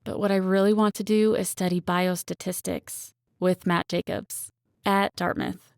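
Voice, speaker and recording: A woman's voice: lowish voice, flat delivery, measured pace, vocal fry, a little mellow, no room sound, clean studio sound. A woman narrating a first-person romance audiobook in a wry, self-aware storytelling manner.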